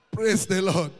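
A man preaching with a Nigerian accent, mixing in Pidgin, chanting repeated words and swinging into shouts. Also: sits high, big-room sound. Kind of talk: sermon.

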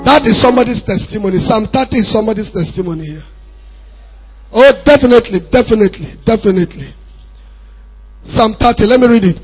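A male preacher giving an emphatic sermon, repeating phrases and rising to shouts. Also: high-pitched, fast, few pauses, slightly rough, rough recording.

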